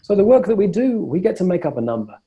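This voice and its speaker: Emphatic male coach with a very bright voice. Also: high-pitched, very animated, fast, lo-fi sound. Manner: emphatic, repeats words when starting phrases. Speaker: coach and host. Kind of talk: live coaching call.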